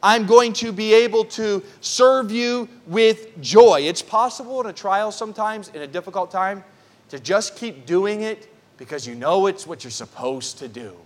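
At a church prayer service, a male pastor with a high voice delivers a sermon at a moderate pace. His teaching is plain and conversational, and he hammers his points home by repeating them with earnest emphasis.

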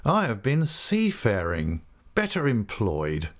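A man reading an audiobook, voicing a jovial, careless young gentleman who talks in a hearty, mocking way. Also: on the low side, huge pitch swings, slow pace, heavily acted. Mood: breezy. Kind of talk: audiobook character voice.

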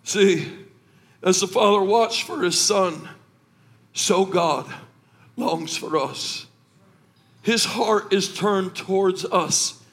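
A man preaching a sermon. He swings from quiet to shouting with emotion and says he is emotional this morning. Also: high voice, slow pace, pauses often. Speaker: pastor.

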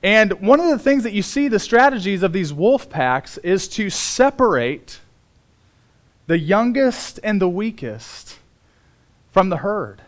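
Pastor, middle-aged man, sermon delivery; higher-pitched voice, earnest and emphatic, stretches out the important words. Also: sing-song, a little slow.

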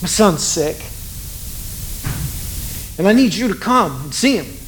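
A man's voice: high voice, big pitch swings, takes it slowly, slight background noise, full character voice, low-quality recording. A preacher acting a desperate royal father. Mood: pleading.

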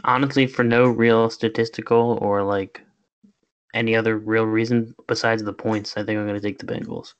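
A man's voice: on the low side, level tone, normal speed, smooth. A man co-hosting a sports betting podcast, talking hesitantly with lots of fillers. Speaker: podcast co-host. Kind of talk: casual sports betting chat. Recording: dull lo-fi audio.

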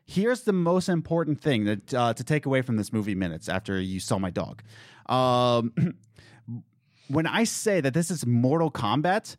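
A man's voice: medium pitch, lively intonation, unhurried, no echo, studio quality. A man co-hosting a casual movie review chat, rambling and laughing at himself as he talks.

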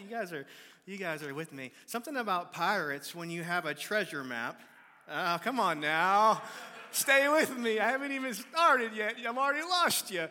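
A man's voice: fairly high pitch, sharp tone. A man preaching a sermon as pastor, folksy and playful with his congregation, speaking with a twang. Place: church sanctuary. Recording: long hall reverb.

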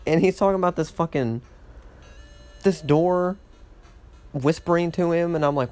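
A man's voice: on the high side, moderate pace, long pauses, darkish tone, faint music behind. A man chatting casually while playing a game, rambling through a story, swearing often and laughing at his own mishaps. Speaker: gamer. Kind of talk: casual let's-play commentary.

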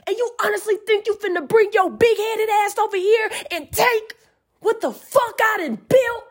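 A woman's voice: extremely high pitch, moderate pace. A woman podcast host in an emphatic spiritual rant, fiery and profane.

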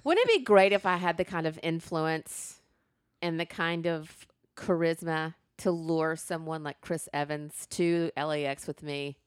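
A woman's voice: low-pitched, unhurried, smooth, no room sound, clean studio sound. A woman hosting a podcast in casual chat, telling stories and acting out what others said. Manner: chatty storyteller, acts out quoted reactions. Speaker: podcast host.

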